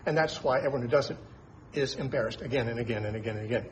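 A radio Bible teacher explains scripture emphatically and poses rhetorical questions to his listeners. His medium-pitched voice is very fast, and the rough recording carries slight background noise.

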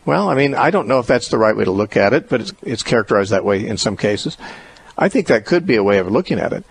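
Husky-voiced male radio host. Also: mid-range voice, expressive, no room sound. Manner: measured, reasoning aloud with restarts. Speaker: radio host answering callers. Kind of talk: call-in radio Bible teaching.

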